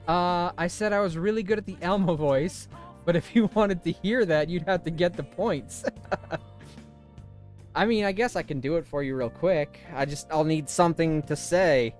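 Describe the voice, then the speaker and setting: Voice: mid-range voice, moderate pace, soft background music. A streamer in their thirties chatting casually and rambling while playing a video game. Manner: chatty, self-amused, rambling.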